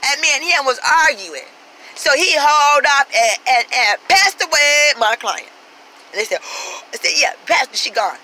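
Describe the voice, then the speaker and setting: A woman's voice: high voice, animated, a little slow, sharp tone, a little hiss or hum, low-quality recording. A woman telling a profane comic story in a brash, sassy, street-talking way, acting out everyone she quotes. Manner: brash, swears constantly, acts out every quoted voice.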